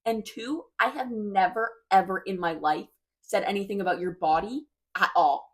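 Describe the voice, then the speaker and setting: A woman's voice: mid-range voice, normal speed. A woman in her twenties talking casually to her viewers, rambling and hesitant, often trailing off with "I don't know.". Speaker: vlogger. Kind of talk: casual confessional chat.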